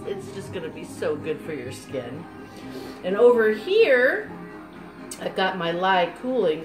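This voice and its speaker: A woman's voice: medium pitch, echoey room. A middle-aged woman, chatting in a bubbly, upbeat way while she shows how she makes soap. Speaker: soap maker. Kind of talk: casual how-to vlog.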